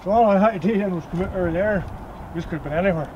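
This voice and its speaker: High-voiced older man. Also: racing, dull audio. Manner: lively, loud acted-out quotes. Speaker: childhood friend. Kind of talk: reminiscing storytelling. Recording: outdoor noise with passing traffic.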